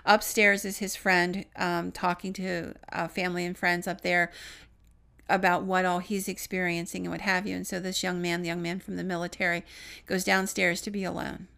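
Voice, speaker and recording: A woman co-hosting a podcast and recounting a paranormal story. Her voice has a gravelly, creaky texture. She tells it earnestly and lets her voice fall away on the grimmest details. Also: on the low side, little pitch movement, normal speed. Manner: earnest retelling, trailing off softly on grim details. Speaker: podcast co-host.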